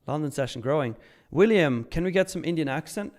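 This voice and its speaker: A man's voice: fairly high pitch, fast, few pauses, darkish tone. A man from Switzerland hosting a live trading stream, upbeat and chatty as he reads chat aloud. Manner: upbeat, chatty, hyped by milestones.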